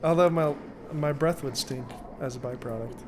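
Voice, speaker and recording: A young man rambles through a casual interview, cracking jokes as he plays. His voice rides a little high. Faint noise hums under the recording. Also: moderate pace. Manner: laughing, rambling, jokey. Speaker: interview guest, magician and video maker. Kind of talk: casual chat while playing a game.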